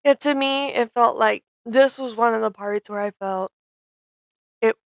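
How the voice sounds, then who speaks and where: A woman's voice: on the high side, unhurried, creaky, no room sound. A young woman co-hosting a podcast, chatting casually and thoughtfully, hedging her opinions. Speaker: podcast co-host.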